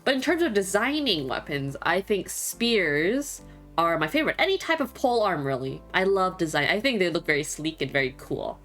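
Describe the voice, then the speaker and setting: A woman's voice: on the low side, fairly bright tone. A woman chatting casually as she answers viewer questions, rambling and laughing often. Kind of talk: casual Q&A chat. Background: faint background music.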